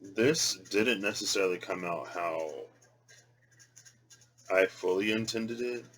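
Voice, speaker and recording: A man's voice: fairly low pitch, slow pace, a bit bright, low-quality recording. A man thinking aloud as he pulls and reads cards, muttering and repeating words as he tries pronunciations. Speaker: tarot and rune reader. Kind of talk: casual reading vlog, thinking aloud.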